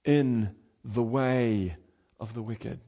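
A man preaching a sermon with dramatic swells to loud cries and drops to low, quiet warnings. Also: drawn-out words.

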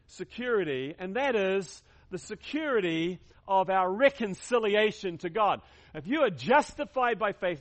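A man preaching a sermon to his congregation, emphatic, repeating key words and leading them in call-and-response. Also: high voice. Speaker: pastor.

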